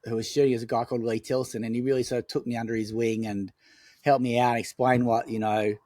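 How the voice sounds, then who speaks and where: This casual storytelling interview features a male film director as podcast guest, telling rambling anecdotes with many fillers and restarts. His voice is mid-range, level, and mellow, he speaks at a quick pace, and there's no echo.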